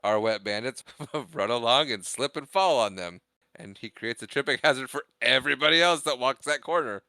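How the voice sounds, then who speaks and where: A young man chatting casually about a movie on a podcast, his voice bright and crisp. He acts out quotes from the characters and laughs his way through the retelling. The sound is dry and close. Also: mid-range voice, normal speed, no room sound. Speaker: podcast co-host. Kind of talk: casual movie recap chat.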